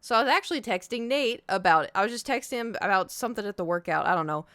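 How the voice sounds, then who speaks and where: A woman's voice: mid-range voice, lively intonation, fast talker, a bit bright, no room sound, clean studio sound. A young adult woman streamer telling a rambling, self-interrupting story to her chat in a casual way. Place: home.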